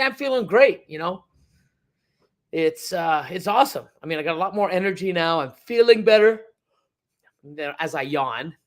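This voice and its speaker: A man's voice: high-pitched, a bit bright. A middle-aged man hosting a casual livestream, rambling with many fillers and restarts as he reads the chat. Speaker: reptile breeder hosting a livestream.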